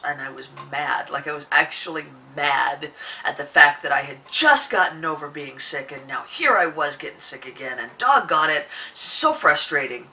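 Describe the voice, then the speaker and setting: A woman hosting a podcast in casual chat, her voice husky and hoarse from a sore throat, rambling with many restarts. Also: expressive, normal speed, bright, forceful tone, far from the mic. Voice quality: husky, deeper than usual. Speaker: podcast host.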